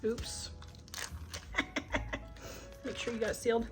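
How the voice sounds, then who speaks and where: A woman's voice: a little high, completely flat delivery, slow, low-quality recording. A woman hosting a casual cooking demonstration in her home kitchen, chatty and homey, talking through each step aloud. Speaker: home cook and channel host. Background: background music.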